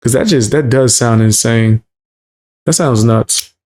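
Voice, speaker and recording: A man's voice: mid-range voice, unhurried, darkish tone. A man streaming his reactions to a clip, talking bluntly and mockingly with lots of swearing. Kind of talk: casual reaction commentary.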